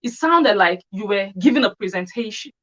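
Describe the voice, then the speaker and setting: A woman's voice: mid-range voice, lively intonation, normal speed, muffled recording. A woman giving an opinionated commentary monologue on her channel, scornful and full of rhetorical questions. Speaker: commentary vlogger.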